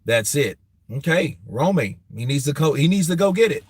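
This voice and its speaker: A man hosting a boxing talk show, answering viewers in a casual, animated, profane way, and laughing often. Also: on the high side, normal speed, a little hiss or hum.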